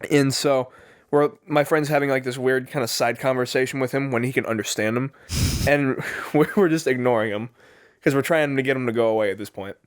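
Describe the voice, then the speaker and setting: Guy in his 20s telling a story on a podcast, laughs a lot, swears, does the quotes himself, normal pitch, dry close mic. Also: fairly even intonation, fairly quick, clean tone, no echo. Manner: laughing often mid-story, swearing, acting out quoted people. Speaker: podcast co-host. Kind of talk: casual storytelling chat.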